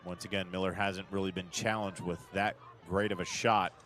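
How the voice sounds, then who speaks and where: A man doing live play-by-play commentary of a soccer match, calling the action at a steady pace and rising sharply when a big chance comes. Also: deep voice, normal speed, some chatter behind.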